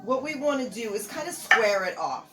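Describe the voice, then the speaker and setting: A woman's voice: a little high, big pitch swings, normal speed, bright, forceful tone. Chatty older woman hosting a home cooking show. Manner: chatty, homey, rambling with fillers. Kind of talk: casual cooking demonstration.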